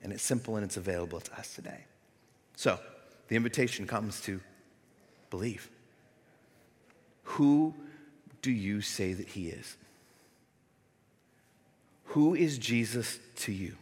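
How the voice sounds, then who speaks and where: A middle-aged male pastor giving a sermon, moving between loud, emphatic preaching and soft, near-whispered passages. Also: lowish voice, a little slow, pauses often. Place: church sanctuary. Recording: long hall reverb.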